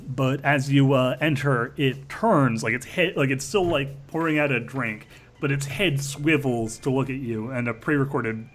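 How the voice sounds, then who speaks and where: A man narrating a tabletop role-play as game master, rambling with lots of fillers and restarts. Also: medium pitch.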